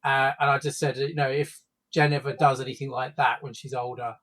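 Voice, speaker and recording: A man's voice: medium pitch, little pitch movement, a little fast, fairly bright tone, rough recording. Chatty man co-hosting a stream. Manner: rambling, many fillers and restarts. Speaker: stream co-host. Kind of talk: casual stream chat.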